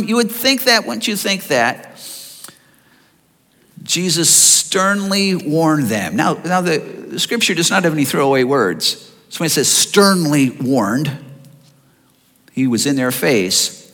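A man preaching a sermon in an expressive way, asking his listeners rhetorical questions. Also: on the high side, a little slow, long reverb tail. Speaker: pastor.

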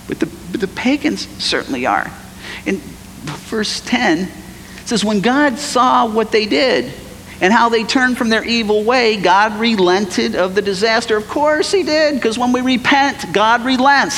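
A man preaching a sermon as pastor, animated, acting out the voices of biblical figures. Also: very high voice. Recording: long hall reverb, faint noise.

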